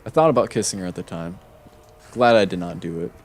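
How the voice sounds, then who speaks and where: A man's voice: low-pitched, quick pace. A young man streaming a game, telling a long personal story in a casual, rambling way with many fillers and restarts. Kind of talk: casual storytelling while gaming.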